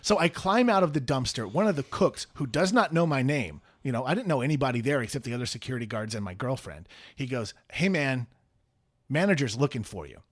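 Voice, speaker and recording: A man co-hosting a podcast, telling a story in casual chat, animated and laughing, acting out quotes with plenty of swearing. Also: medium pitch, fast talker. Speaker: podcast co-host.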